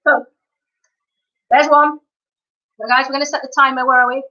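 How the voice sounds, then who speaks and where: A woman chatting to her live-stream viewers. Her voice is high and bright, and she talks in an upbeat way with quick asides. The stream audio is dull and lo-fi. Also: flat delivery. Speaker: live-stream singer and entertainer. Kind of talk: casual live-stream chat.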